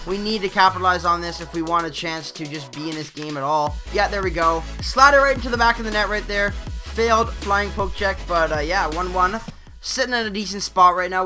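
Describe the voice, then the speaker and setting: Bright-voiced young man calling gameplay. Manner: casual, swings between loud outbursts and low mutters. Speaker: gaming channel host. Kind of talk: live gameplay commentary.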